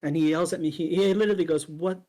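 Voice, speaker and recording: A man in a casual chat, telling a story and acting out the quotes with lively energy. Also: a little high, racing.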